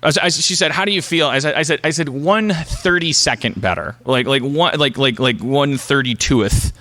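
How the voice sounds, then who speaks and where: A man's voice: on the high side, fast talker, pushed and bright. A man hosting a comedy podcast, delivering a profane, stammering rant monologue.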